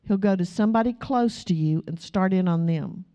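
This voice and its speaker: Woman, pastor, sermon, warm mellow tone, animated storytelling. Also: mid-range voice, normal speed, clear, resonant tone. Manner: animated storytelling, acting out quotes.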